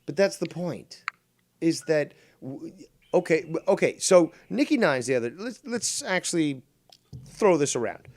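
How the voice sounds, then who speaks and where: A man hosting a podcast, ranting loudly and with lots of swearing, sometimes mocking other people's voices. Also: a little high, animated, measured pace, dry recording. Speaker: podcast host. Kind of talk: heated casual chat.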